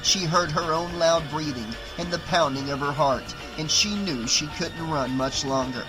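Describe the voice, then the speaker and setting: A man narrating an audiobook in a steady, dramatic reading style. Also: fairly high pitch, normal speed, over music, poor audio. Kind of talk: scripted narration.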